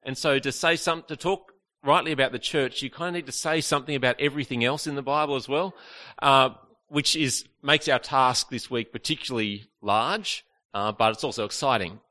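A man's voice: mid-range voice, a little fast, sharp tone. A man giving an evening church teaching talk, chatty and playful with his listeners, with plenty of fillers. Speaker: preacher.

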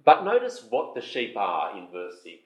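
A man preaching an expository sermon, emphatic, lifting his voice on lists and slowing down when he reads scripture aloud. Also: on the low side, wildly swooping pitch. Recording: roomy hall sound.

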